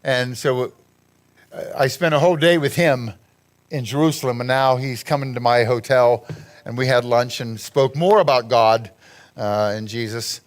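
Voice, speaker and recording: A man's voice: mid-range voice, moderate pace. A man giving a rambling, chatty talk over a slideshow, laughing at his own jokes. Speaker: guest speaker at a church gathering.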